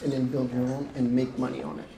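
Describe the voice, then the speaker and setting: An older man, an urban planner, telling animated stories at a conference. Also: medium pitch, fast talker. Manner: animated, chatty storyteller. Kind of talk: storytelling presentation. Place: conference room. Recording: echoey room with faint noise.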